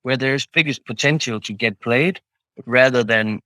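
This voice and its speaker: A man's voice: medium pitch, normal speed, pushed and bright, no room sound, poor audio. A man talking as an interview guest, a startup founder, hesitant, with many restarts and fillers. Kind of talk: casual interview talk.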